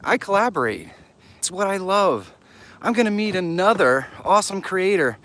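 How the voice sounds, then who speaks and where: A man hosting a live stream, casually chatting and excitedly greeting viewers by name while walking outdoors, a little out of breath. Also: moderate pace, a little hiss or hum. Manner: enthusiastic, greets viewers by name, jumps in pitch. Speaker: livestream host.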